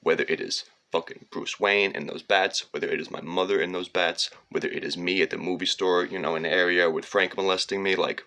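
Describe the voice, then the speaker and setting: A man's voice: deep voice, fairly even intonation, a little fast, gravelly, few pauses, pushed and bright. A man telling a digressive, profane story in a rambling monologue. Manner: digressive, profane, slips into sung lines and mocking voices.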